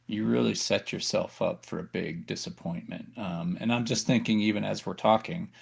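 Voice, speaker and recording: A man's voice: lowish voice, moderate pace, gravelly, slightly rough. A man co-hosting a business talk show, reflecting aloud in casual chat. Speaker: podcast co-host.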